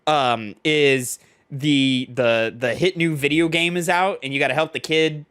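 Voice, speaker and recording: A man co-hosting a gaming podcast, chatting casually and retelling stories with animated, filler-heavy delivery. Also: on the high side, a little slow, clear, resonant tone. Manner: animated storytelling, lots of "like". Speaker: podcast co-host. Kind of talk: casual chat.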